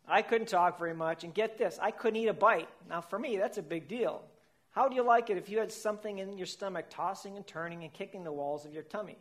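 A man's voice: high voice, fairly quick. A man telling a comic story in the first person as a whale, playful and laughing at his own lines.

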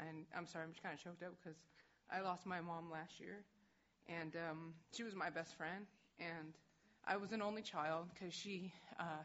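A woman telling an audience her own story in a halting, candid way, full of fillers and restarts. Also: fairly low pitch, a bit bright. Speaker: speaker sharing a personal story. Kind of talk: personal talk to an audience. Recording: dull, muffled recording with faint noise.

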